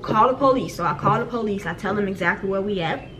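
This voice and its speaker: A young woman telling a storytime vlog in casual, slangy talk, acting out her own frantic shouts when she quotes herself. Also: mid-range voice, quick pace, background noise. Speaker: vlogger.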